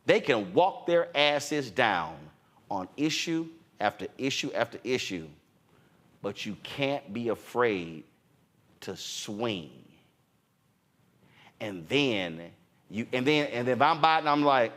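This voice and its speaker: A man's voice: mid-range voice, lively intonation, takes it slowly, fairly bright tone. A middle-aged man hosting a political talk show, delivering impassioned, preachy commentary and acting out politicians' voices.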